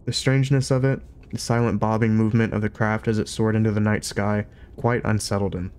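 A man's voice: fairly low pitch, clear, resonant tone. A man reading a novel aloud at an easy pace, with an occasional slip of the tongue. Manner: steady, unhurried storytelling with occasional slips. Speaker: audiobook reader. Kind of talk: amateur audiobook reading.

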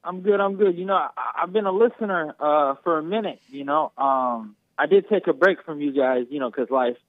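A man's voice: on the high side, a little fast, dry recording. Blunt male caller on a tinny phone line. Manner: blunt, repeats "you know what I'm saying". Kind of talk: casual phone-in chat.

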